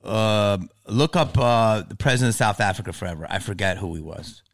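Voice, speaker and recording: A man's voice: on the low side, brisk. A man in casual podcast chat who talks a lot, swears freely and keeps pushing his point over the other speaker. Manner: talkative, interrupts, pushes his point. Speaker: podcast co-host or guest.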